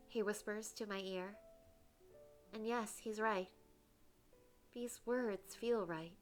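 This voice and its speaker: A woman's voice: mid-range voice, fairly even intonation, slow, long pauses, faint music behind. A woman reading a dating game aloud as the heroine, breaking off to gush and comment between lines. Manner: gushing, giggly asides between narration.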